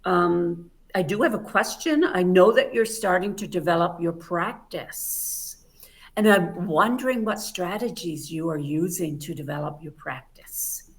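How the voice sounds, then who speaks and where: A woman hosting an interview over a video call, speaking in a measured, affirming way. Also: fairly low pitch. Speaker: interviewer, institute host.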